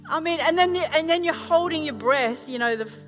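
A middle-aged Australian woman pastor preaching a sermon, telling animated stories with self-mocking humor. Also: high-pitched, a little fast, slight background noise. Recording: music playing underneath.

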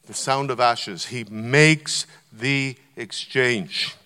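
A man's voice: medium pitch, drawn-out words, bright, forceful tone, smooth. An older man preaching a sermon to a congregation, conversational and emphatic, urging them on. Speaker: guest preacher. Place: church auditorium. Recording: long church hall reverb.

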